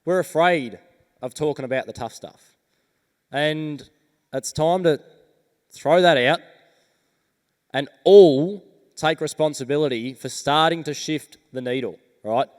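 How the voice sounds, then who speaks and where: A man's voice: on the high side, unhurried, pauses often. Earnest man rallying a crowd. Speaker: keynote speaker. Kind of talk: motivational talk on stage. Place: large conference hall. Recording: reverberant conference hall.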